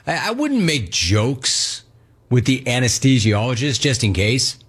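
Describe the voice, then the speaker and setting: Husky-voiced male radio host, brash and playful, mid-range voice. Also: mid-range voice, very animated, fairly bright tone. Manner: brash, fast-talking and playful. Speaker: sports radio talk show host. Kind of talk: call-in radio talk.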